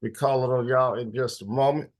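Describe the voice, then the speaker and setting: A man's voice: medium pitch, steady tone, brisk. A man hosting an online policy meeting in a casual, informal way, a little stuffy and congested. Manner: informal, greets attendees by name. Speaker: host of policy talk.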